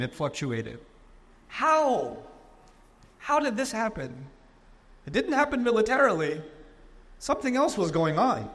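A man's voice: sits high, fairly bright tone. A man preaching a sermon with passionate, rhetorical repetition. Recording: long hall reverb.

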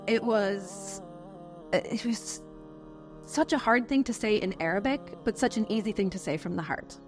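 American woman, earnest, emotional, animated testimony, interview. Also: medium pitch, moderate pace, faint music behind. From United States. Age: adult, has a daughter.

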